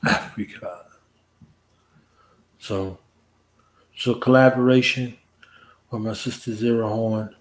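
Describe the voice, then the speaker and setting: A man's voice: on the low side, fairly even intonation, slow, long pauses, rough recording. A man hosting a casual late-night livestream chat, joking around in a playful, laid-back way. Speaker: host.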